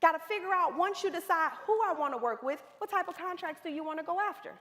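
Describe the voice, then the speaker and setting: High, lively woman coaching a room. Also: fast talker. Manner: animated storytelling, addresses the room directly. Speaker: business coach. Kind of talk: seminar talk to a live audience. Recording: reverberant hall.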